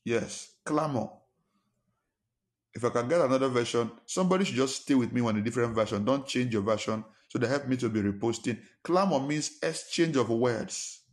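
This Nigerian pastor's sermon moves fairly quickly in a mid-range voice. He preaches with emphasis, piles up rhetorical questions, and acts out quarrels loudly.

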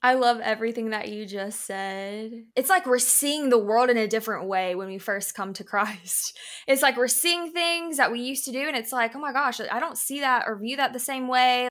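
A woman hosting a faith podcast, affirming her guest and talking quickly with many "it's like"s. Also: fairly high pitch, a bit bright. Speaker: podcast host.

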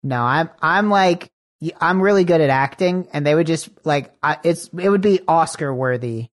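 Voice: medium pitch, moderate pace. A podcast guest telling an absurd, exaggerated story in casual chat. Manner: joking, tells absurd exaggerated stories.

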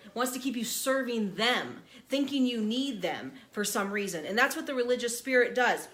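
A woman's voice: a little high, lively intonation, normal speed, fairly bright tone. A woman teaching a verse-by-verse Bible study in an emphatic, conversational preaching manner, asking her listeners to picture the scene.

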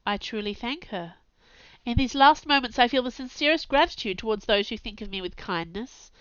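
A woman reading the lines of a gentle, resigned young man condemned to die, in a tender and earnest way. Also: on the high side, lively intonation, normal speed, clean tone, no echo, highs cut off, natural voice. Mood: grateful, resigned.

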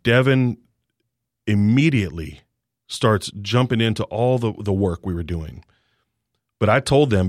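A man's voice: fairly low pitch, expressive, unhurried, long pauses, dry recording, clean studio sound. A man who leads a sports ministry, earnestly telling a story in an interview.

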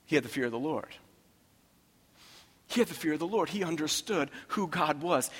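Male pastor, fairly high voice, preaching with passion, hushed to loud, long hall reverb. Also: normal speed, husky. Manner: impassioned, swinging from hushed to loud. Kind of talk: sermon.

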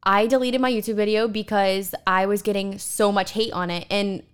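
Chatty young woman, smooth voice. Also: mid-range voice, fairly even intonation, moderate pace, hardly any pauses. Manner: chatty, lots of "like" and quote unquote. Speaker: vlogger. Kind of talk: casual chat.

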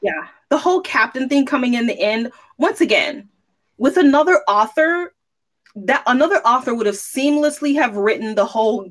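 A woman giving her take on a book in a casual podcast chat. She talks in long, critical stretches, laying out what the author should have done. Her voice is fairly high. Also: moderate pace, fairly bright tone. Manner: critical, explains her view at length. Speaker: podcast co-host.

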